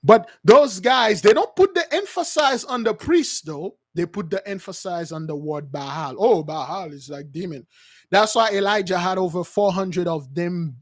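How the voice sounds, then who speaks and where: A man's voice: high-pitched, normal speed, hardly any pauses, no room sound, studio quality. A man preaching with passion, acting out quoted voices, with many fillers and restarts. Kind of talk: impassioned religious teaching.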